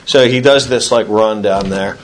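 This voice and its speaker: A man's voice: on the low side, moderate pace, slight background noise. A man sharing a story at a recovery meeting, acting out other people's lines in raised voices. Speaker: AA speaker sharing his story.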